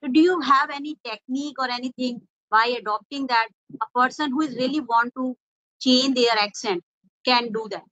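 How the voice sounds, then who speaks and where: A woman's voice: high-pitched, moderate pace, a bit bright, no echo. A woman interviewing a guest in an English-practice conversation, earnestly summing up points and asking questions. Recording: dull lo-fi audio.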